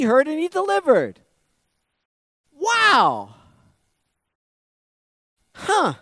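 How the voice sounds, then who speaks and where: High-voiced man preaching a casual sermon. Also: animated, moderate pace, no echo, clean studio sound. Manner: repetitive, rhetorical questions, swings from loud to hushed. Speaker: pastor. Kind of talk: conversational sermon.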